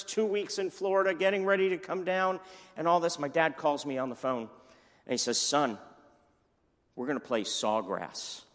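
A male pastor preaching with energy and playful humor, his voice sitting a little high. The sermon rings out through a church sanctuary with a long, echoing reverb behind every phrase. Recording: echoey church hall.

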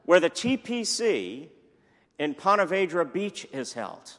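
Animated male preacher in echoey hall. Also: sits high, slow pace. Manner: energetic, animated preaching with humor. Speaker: pastor. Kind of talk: sermon. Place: church sanctuary.

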